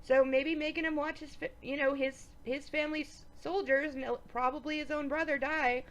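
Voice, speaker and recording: High voiced woman ranting through a tv recap, swears a lot, sarcastic. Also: normal speed. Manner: animated, profane, sarcastic asides. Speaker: TV episode reviewer. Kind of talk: casual recap with commentary.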